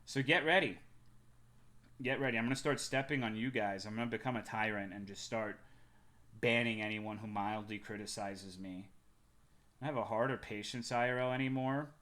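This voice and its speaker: Bright-voiced man in loose streamer banter. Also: medium pitch. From Texas. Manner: loose, profane, joking banter. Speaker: livestreamer. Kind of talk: casual chat with viewers.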